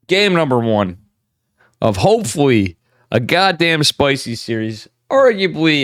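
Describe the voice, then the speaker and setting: A man's voice: mid-range voice, fairly bright tone, no room sound, clean studio sound. Casual profane man casting a game. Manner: casual, profane, hyped streamer banter. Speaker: esports caster. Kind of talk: live game commentary.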